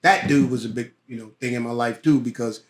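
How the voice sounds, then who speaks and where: A man's voice: medium pitch, a little fast, slight background noise. A middle-aged man, a guest actor, telling stories in a casual podcast chat with plenty of cursing, acting out the people in his tales. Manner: profane, lively storyteller who acts out voices. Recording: roomy echo.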